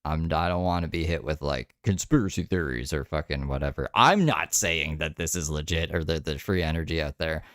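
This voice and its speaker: A man's voice: a bass voice, fairly quick, hardly any pauses, a bit bright, no room sound, studio quality. A man streaming casual reaction commentary, skeptical and sarcastic, swearing freely.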